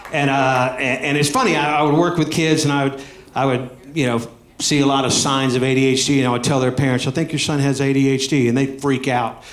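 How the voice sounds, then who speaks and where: A man, doing high-energy stand-up comedy with plenty of audience asides. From Alabama, US. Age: 50s. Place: comedy club stage. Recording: echoey club room.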